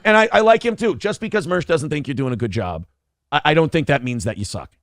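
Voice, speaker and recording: A middle-aged man hosts a live stream and reads comments in a wry, teasing voice. His pitch sits a bit high and swings a lot. The sound is dry and close. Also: expressive, quick pace, dry recording. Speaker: host of a live streamed show. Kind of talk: live stream hosting, reading paid comments.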